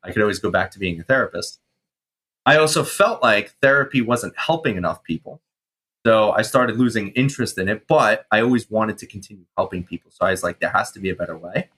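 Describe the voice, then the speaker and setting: A man in his thirties, a guest on an interview show, telling his story casually with swearing and animated reenactments of his past self. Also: lowish voice, fairly quick, husky. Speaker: guest, mindset coach and firefighter.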